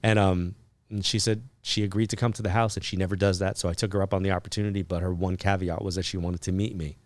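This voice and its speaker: A man with a fairly low voice tells a personal story as a podcast guest, chatty and loose, sprinkling in fillers. He acts out bits of remembered dialogue with lively energy. The sound is dry and close, with no room echo. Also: fast. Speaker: podcast guest, psychic medium. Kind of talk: casual storytelling interview.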